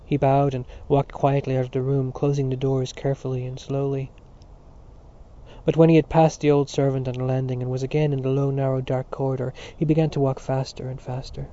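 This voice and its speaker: A man reading a novel aloud as narrator in a measured storytelling manner. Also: medium pitch, level tone, warm tone. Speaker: audiobook narrator. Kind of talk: scripted narration. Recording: dull lo-fi recording.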